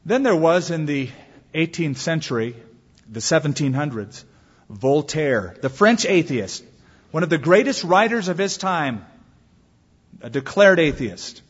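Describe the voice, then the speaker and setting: A man delivers a sermon in a somewhat high, husky voice, pressing hard on key words and then sinking into quiet, low asides. The sound carries a long reverb from a large hall. The recording itself is dull and lo-fi. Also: animated, unhurried, pauses often. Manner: earnest preaching with wide swings in pitch and volume. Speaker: pastor.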